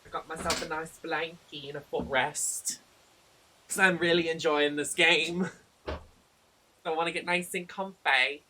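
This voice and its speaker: Excitable guy streamer, super bright voice, a bit high, swearing over faint game music. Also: a little slow, long pauses, a little hiss or hum. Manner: excitable, emotional, swears a lot. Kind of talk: live gameplay commentary.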